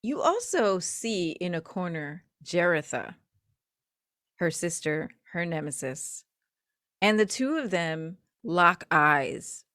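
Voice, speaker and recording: A woman running a tabletop role-playing game, narrating in an animated way with frequent fillers and easy laughter. Her pitch moves a lot, and the recording is close and dry. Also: slow pace, no room sound. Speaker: game master.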